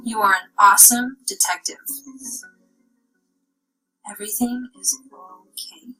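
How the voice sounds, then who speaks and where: Soft, slow-speaking woman giving affirmations. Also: on the high side, husky, faint music behind, poor audio. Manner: soft and gentle, often half-whispered. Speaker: caregiver guiding a child. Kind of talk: guided relaxation and spoken affirmations.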